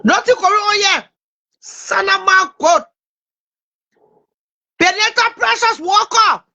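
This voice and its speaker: A woman hosting a casual livestream, talking straight to her audience in an animated way and tripping over names. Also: extremely high pitch, takes it slowly, creaky. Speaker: livestream host.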